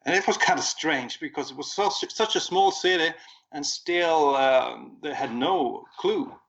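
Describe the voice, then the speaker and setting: A man's voice: a little high, a little slow, vocal fry, a bit bright. A man chatting casually as a regular podcast guest, telling a story in an easygoing way with frequent fillers. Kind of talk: casual chat. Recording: dull lo-fi remote audio.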